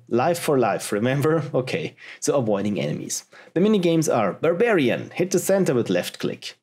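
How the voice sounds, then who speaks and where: A man's voice: mid-range voice, a little mellow. A man casually commenting while he plays indie games, reading on-screen text aloud in a chatty way. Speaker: let's play host.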